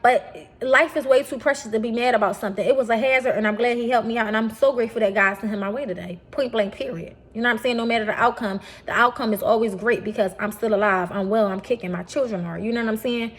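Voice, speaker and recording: A woman's voice: on the high side, fast talker. A young adult woman, talking casually and animatedly to her viewers, repeating phrases and calling them y'all. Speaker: vlogger. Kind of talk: casual talk to camera.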